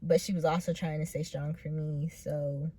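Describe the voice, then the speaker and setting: A young woman in her late teens telling her own story in a vlog, hesitant and full of pauses, earnest and close to tears. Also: low voice, flat delivery, warm tone, breathy edge, dry recording. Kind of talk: personal storytelling.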